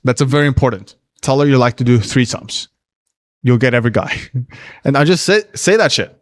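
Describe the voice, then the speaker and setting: During a casual livestream Q&A on dating, a man reads viewer questions aloud and answers them bluntly, profanely, and in a laid-back way. His mid-range voice is animated and fairly quick, and the recording is dry.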